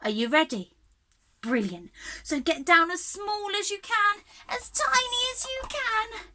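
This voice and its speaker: A young woman runs a lesson for small children with a very high, bright voice that swings up and down in a lively sing-song. She takes her time, stretching out each instruction slowly and warmly encouraging the little ones. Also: very noisy. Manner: bubbly, sing-song, encouraging, laughs often. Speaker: early years music and drama teacher. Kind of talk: children's singalong and movement lesson.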